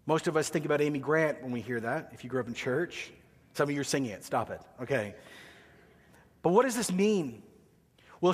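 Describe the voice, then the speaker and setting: A man's voice: a little high, a bit bright, breathy edge, long reverb tail. A man preaching a sermon, conversational, with joking asides to the congregation. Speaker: pastor.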